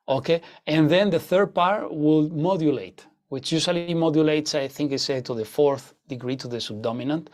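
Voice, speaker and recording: Man, guitar teacher, online class, fillers, frequent "okay?", slightly high voice. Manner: explanatory, frequent "okay?" check-ins, hesitant fillers.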